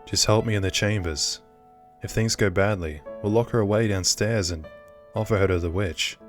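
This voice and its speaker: A man reads out a hard-edged male leader of a haunted mansion who barks short, menacing orders. The voice sits low and blunt. It is a horror-game figure with no patience for doubt. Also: normal speed, soft background music, close to an everyday voice. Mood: stern. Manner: blunt, threatening, clipped orders.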